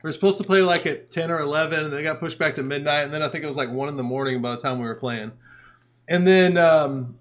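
A man's voice: a little high, fast talker. A man casually telling a rowdy story on a podcast, swearing freely and laughing as he goes. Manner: profane, laughing, animated storyteller. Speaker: podcast co-host, punk musician.

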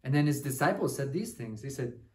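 A man's voice: medium pitch, fairly quick, close to an everyday voice. A man doing Tourist Tim, a goofy bouncing cousin. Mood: cheerful. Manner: animated, talks straight to kids with frequent "right?". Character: goofy traveling male cousin, chatty and upbeat. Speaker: children's Bible teacher. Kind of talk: children's ministry lesson in character.

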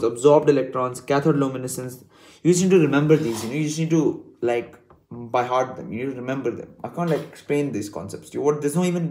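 A man's voice: mid-range voice, darkish tone. Chatty young man tutoring casually. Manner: chill, chatty, swears, addresses viewers as guys. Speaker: tutor explaining exam slides. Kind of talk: casual exam-revision lesson.

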